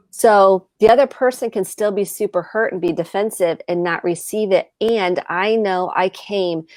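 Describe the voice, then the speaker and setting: A woman therapist co-hosting a live advice talk, explaining calmly and acting out example conversations. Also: on the low side, no echo, clean studio sound. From United States. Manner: calm, explanatory, acts out example dialogue. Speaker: therapist co-host.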